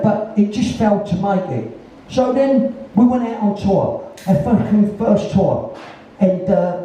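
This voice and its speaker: A man's voice: high voice, warm tone. A Cockney man from East London in his sixties, telling rambling, foul-mouthed anecdotes on stage and acting out other people's voices. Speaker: guest storyteller. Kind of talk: live on-stage conversation. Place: venue in front of an audience. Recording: roomy, distant, faint noise.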